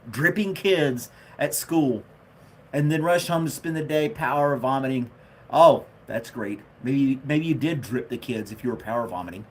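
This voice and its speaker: A man's voice: medium pitch, moderate pace, a little mellow, breathy edge. A man hosting a casual home livestream, chatting with viewers and reading their comments, with a jokey manner and a habit of laughing at his own jokes. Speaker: livestream host.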